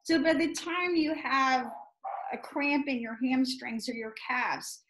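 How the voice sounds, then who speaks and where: A woman's voice: high voice, slow, fairly bright tone, low-quality recording. A woman hosting an interview as a medical intuitive healer, explaining step by step and often checking in with "right?". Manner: explanatory, keeps asking "right?".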